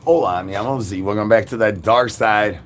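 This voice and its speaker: A man's voice: lowish voice, fairly quick, slight background noise. A man, rambling through an absurd monologue with sing-song rhyming babble and nonsense words. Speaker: livestream host.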